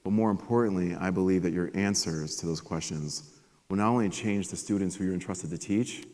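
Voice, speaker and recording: A man giving a motivational keynote at a conference, energetic and animated as he tells stories to the audience. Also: sits low, fairly quick. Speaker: keynote speaker. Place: large conference hall. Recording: long hall reverb.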